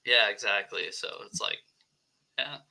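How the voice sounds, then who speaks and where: A man with a lowish, gravelly yet bright voice and a forceful tone, speaking a little slowly, co-hosts a casual football livestream as a Seahawks fan. He debates bluntly, swears often and laughs through his points.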